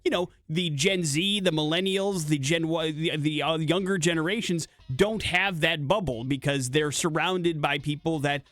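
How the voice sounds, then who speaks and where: Male morning radio host, rambling with fillers, slightly high voice, dry studio mic, faint music underneath. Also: normal speed, hardly any pauses, fairly bright tone, dry recording. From American Midwest. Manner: rambling, many fillers and restarts. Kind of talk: casual radio chat. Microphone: studio microphone.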